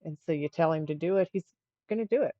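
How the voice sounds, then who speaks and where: A woman's voice: low-pitched, fast talker, no echo, highs cut off. A middle-aged woman hosting a livestream, telling a rambling story in casual chat with frequent restarts. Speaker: livestream host.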